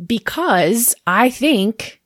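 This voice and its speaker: A woman in her thirties talking candidly about parenting and therapy in a relaxed podcast chat, reflective and quick to laugh. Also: a little high, no room sound, studio quality. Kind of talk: casual podcast conversation.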